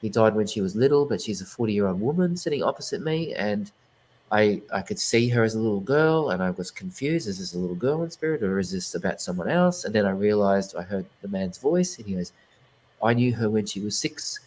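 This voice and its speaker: A man's voice: fairly low pitch, lively intonation, brisk, a little mellow, poor audio. A man, a guest psychic medium, telling his story in a casual interview, earnest and rambling with many restarts.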